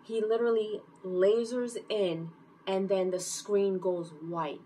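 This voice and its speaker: A woman giving a casual, animated recap of a TV episode, full of fillers and open emotional reactions. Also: mid-range voice, takes it slowly, slight background noise, poor audio. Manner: animated storytelling with many fillers. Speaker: TV series reviewer.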